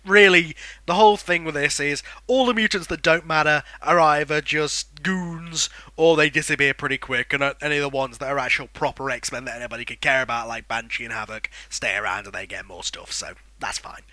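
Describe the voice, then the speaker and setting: A man's voice: mid-range voice, a little fast, few pauses, sharp tone, dry recording. A man giving a casual, enthusiastic and opinionated spoken film review, rambling a little as he goes.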